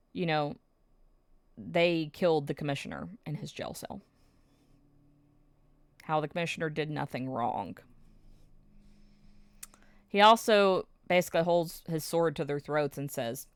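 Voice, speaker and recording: A woman's voice: deep voice, vocal fry, smooth, no room sound, clean studio sound. A woman recapping episodes of a drama in a casual, emotional, storytelling way, with plenty of fillers.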